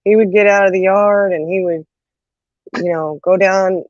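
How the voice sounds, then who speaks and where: Lively woman telling family stories. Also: mid-range voice, normal speed, no echo. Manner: animated, laughs often, acts out quotes. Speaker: host. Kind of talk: casual storytelling chat. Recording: dull lo-fi audio.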